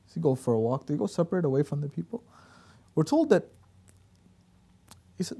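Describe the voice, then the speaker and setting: Male guest speaker, high-pitched, animated storytelling preacher. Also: quick pace, gravelly, long pauses, slightly rough. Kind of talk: religious talk show discussion.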